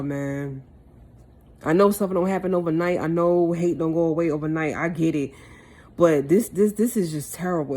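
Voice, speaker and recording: A woman's voice: fairly low pitch, a little mellow, slightly rough. Impassioned woman vlogger repeating herself. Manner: impassioned, repeats phrases for emphasis. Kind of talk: heartfelt monologue to camera.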